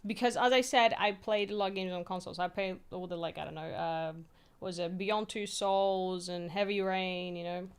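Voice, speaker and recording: A woman's voice: lowish voice, fairly even intonation, moderate pace, smooth. A woman from Poland streaming from home, chatting loosely with her viewers, full of fillers, swearing and easy laughs. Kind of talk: casual chat answering viewer questions.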